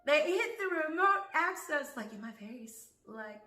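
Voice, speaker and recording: A woman's voice: very high-pitched, expressive, normal speed, creaky, few pauses, sharp tone, echoey room. A woman in a casual monologue, laughing often, swearing freely and dropping into whispers.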